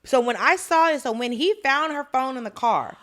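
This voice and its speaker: A woman's voice: high voice, animated, moderate pace, fairly bright tone. A woman co-hosting a podcast, chatting casually and acting out drama scenes in quoted voices. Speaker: podcast co-host. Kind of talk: casual chat recapping a drama.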